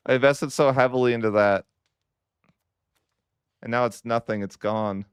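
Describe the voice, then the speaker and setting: A man chats through a strategy game in a smooth, mid-pitched voice. He is wry and mock-dramatic, moping over his setbacks with laughing self-pity. The sound is dry and close. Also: normal speed, pauses often, no room sound. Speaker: gaming YouTuber. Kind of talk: casual strategy game commentary.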